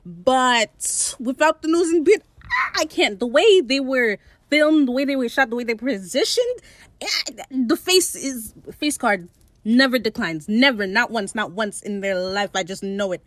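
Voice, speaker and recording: A young woman in her late teens gushes about a TV episode she's recapping, in casual talk laced with swearing and frequent laughter. Her voice is a little high and unhurried, and there's no echo. She comes across as excitable.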